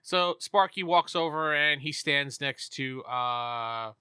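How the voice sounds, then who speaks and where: Male game master, bright tone, close dry mic, relaxed hesitant narration. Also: fairly high pitch, slow pace, clear, resonant tone, no echo.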